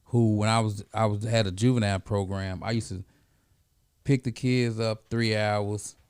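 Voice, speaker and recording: A middle-aged man, a podcast guest, telling a story in a lively, casual way and often checking in with "right?". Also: lowish voice, normal speed, clean tone, no echo, clean studio sound.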